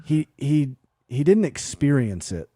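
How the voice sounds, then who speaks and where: A man's voice: mid-range voice, sing-song, unhurried, warm tone, breathy edge, no echo, studio quality. A man co-hosting a faith podcast, telling a family story in an earnest, conversational way with many fillers and restarts. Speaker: podcast co-host.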